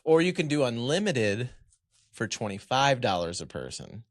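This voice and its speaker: Male podcast guest, mid-pitched, dry close sound, rambling anecdotes. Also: sing-song, normal speed, no room sound. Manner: rambling, self-deprecating storytelling. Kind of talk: casual storytelling chat.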